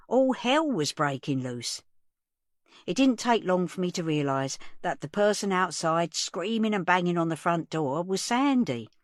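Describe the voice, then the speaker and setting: A woman's voice: on the low side, dry recording, clean studio sound. A woman reading a first-person audiobook, narrating as the story's teller. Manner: plain storytelling.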